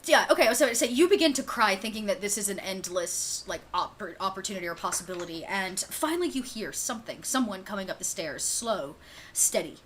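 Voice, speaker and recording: A woman narrating a tabletop role-playing game as game master, lively, laughing often and using many fillers. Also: medium pitch, brisk, slight background noise.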